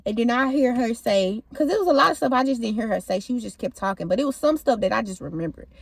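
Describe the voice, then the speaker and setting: A woman's voice: a little high, expressive, fast talker, vocal fry, breathy edge, no echo. A young woman vlogger telling a story to camera in casual, slangy talk, swearing freely and acting out what she said.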